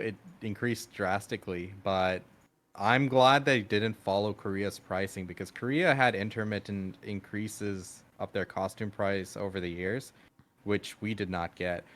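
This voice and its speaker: A man with a fairly low voice co-hosts a casual podcast, speaking frankly and at ease. He often opens with "I mean" and laughs readily between points. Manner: relaxed, frank, laughs easily, leans on "I mean". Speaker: podcast co-host. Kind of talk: casual gaming podcast chat.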